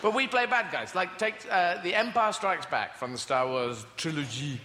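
A British man doing stand-up comedy on a large stage, animated and mocking, swearing freely. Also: a little high, moderate pace. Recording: echoey hall, loud crowd noise.

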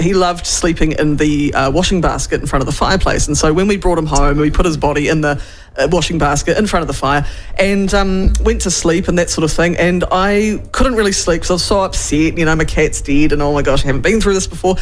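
Young male radio guest, high voice, open storyteller. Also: steady tone, brisk, slight background noise. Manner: laughing, open personal storytelling. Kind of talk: casual radio chat.

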